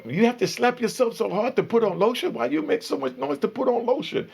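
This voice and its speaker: Petty nagging inmate, Spanish-accented broken English, high and whiny, put on by a raspy male storyteller. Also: expressive, fairly quick, darkish tone, full character voice. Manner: whiny, complaining.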